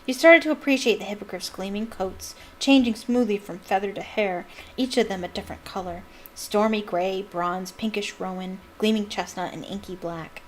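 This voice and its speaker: A woman's voice: mid-range voice, normal speed, a little hiss or hum, low-quality recording. A woman who reads a novel aloud as a fan, with enthusiastic, chatty asides. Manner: enthusiastic, laughs at her own asides.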